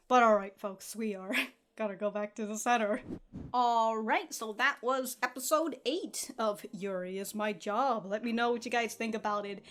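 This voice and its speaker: A woman's voice: a little high, measured pace. A young woman hosting an anime reaction, chatting casually, laughing often, swearing freely and restarting her sentences.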